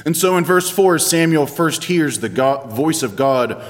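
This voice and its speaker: Conversational pastor preaching in echoing church. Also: male voice, fairly high pitch, animated, measured pace. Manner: conversational, playful storytelling with varied pace. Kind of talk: sermon.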